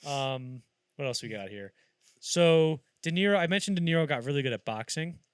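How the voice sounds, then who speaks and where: Animated man telling film stories. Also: fairly high pitch, normal speed, smooth, no room sound. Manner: animated storyteller acting out quotes. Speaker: podcast host. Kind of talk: casual film-history chat.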